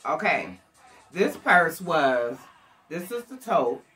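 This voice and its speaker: Older woman from Buffalo, talks to the viewers like family, lively pitch, home camera vlog. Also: slow pace. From Buffalo, New York. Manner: chatty, animated, addresses viewers directly. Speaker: thrift haul vlogger. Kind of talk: casual chat to camera. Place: at home, alone.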